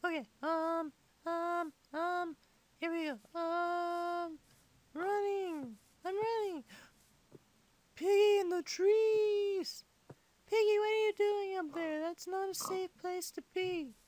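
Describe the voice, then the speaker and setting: A squeaky whiny little boy. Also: fairly even intonation, takes it slowly, darkish tone, dry recording. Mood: childish. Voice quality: squeaky high-pitched. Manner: whiny, silly rambling play commentary. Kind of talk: comedic game play-along.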